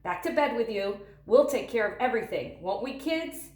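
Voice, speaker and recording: A woman voicing a cheerful, bossy father who gives brisk orders. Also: a little high, big pitch swings, a little mellow, reverberant. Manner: brisk and commanding.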